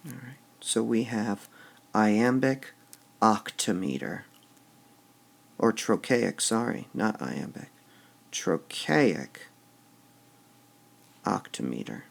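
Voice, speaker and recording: A man's voice: fairly low pitch, animated, takes it slowly, gravelly, pauses often. A man teaching a recorded lesson on poetic meter. He goes step by step, says "all right" often between steps, and repeats words with shifting stress to show the beat.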